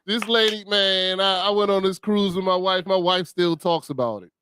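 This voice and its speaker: A man's voice: high voice, normal speed, bright, forceful tone, smooth, no echo. A man telling a funny story in a casual chat, slangy and laughing often as he talks. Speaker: podcast host.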